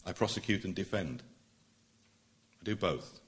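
Earnest deep-voiced barrister giving a speech. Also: male voice, expressive, unhurried. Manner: earnest, emphatic, building to forceful points. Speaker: barrister addressing a public meeting. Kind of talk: public speech.

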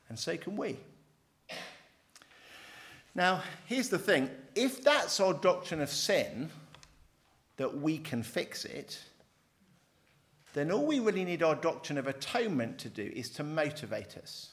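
Wry man teaching theology. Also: on the high side. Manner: lively, wry, self-deprecating asides. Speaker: theology lecturer. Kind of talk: teaching with a handout.

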